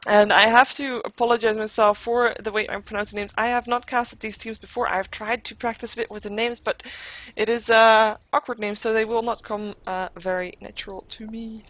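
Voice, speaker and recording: A woman's voice: medium pitch, fairly bright tone, dry recording. A woman giving live game commentary as caster, thinking aloud with playful asides and frequent restarts. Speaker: esports caster. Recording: dull lo-fi recording.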